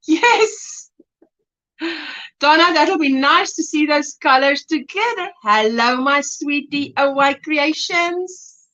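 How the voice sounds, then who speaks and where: Chatty woman, high lively voice. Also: takes it slowly. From South Africa. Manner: chatty, laughs often, reads viewer comments aloud. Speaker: livestream host. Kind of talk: casual chat while crocheting live. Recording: lo-fi livestream audio.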